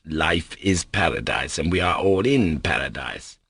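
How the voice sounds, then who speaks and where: A man voicing a gentle, tender young man who is dying, speaking in soft, caressing words. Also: sits low, expressive, unhurried, slightly rough, no echo, clean studio sound, full character voice. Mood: tender, joyful.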